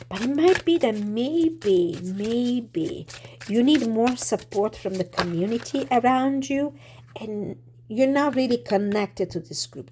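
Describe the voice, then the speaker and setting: A woman giving a casual tarot reading, slightly hoarse, speaking thoughtfully with many fillers and restarts. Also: medium pitch, darkish tone. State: slightly hoarse, clearing throat. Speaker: tarot reader.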